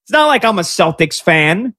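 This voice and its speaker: A man in his thirties hosting a sports talk radio show, talking like an excitable, fast-talking fan. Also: high-pitched. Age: 30s.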